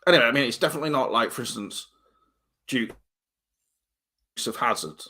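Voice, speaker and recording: A man co-hosting a casual livestream chat, rambling and halting, often trailing off into mumbles. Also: mid-range voice, sharp tone. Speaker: co-host.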